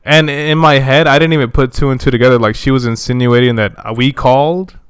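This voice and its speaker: A young man chatting as a podcast guest, telling a story in an animated way with lots of profane slang. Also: mid-range voice, quick pace, clear, resonant tone, dry recording, studio quality. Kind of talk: casual chat.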